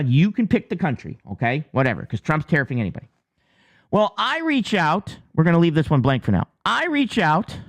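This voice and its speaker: Animated, joking man explaining at length. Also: fairly high pitch. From United States. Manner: joking, chatty, lots of restarts and "okay?" check-ins. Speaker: channel host. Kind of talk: casual explainer, drawing on screen.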